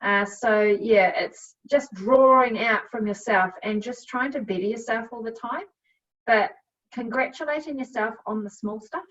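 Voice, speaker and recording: A middle-aged woman with a New Zealand accent telling her story as a podcast guest, chatty and quick to laugh, with plenty of fillers. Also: on the high side, a bit bright. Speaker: guest, cycle coach. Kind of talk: casual storytelling. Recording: dull, a bit distant from mic.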